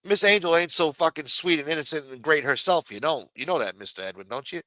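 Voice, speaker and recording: A man's voice: a little high, lively intonation, fast, pushed and bright, no room sound, low-quality recording. A man on a livestream ranting angrily and scolding a viewer, with lots of profanity. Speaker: livestream co-host. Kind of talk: heated livestream rant.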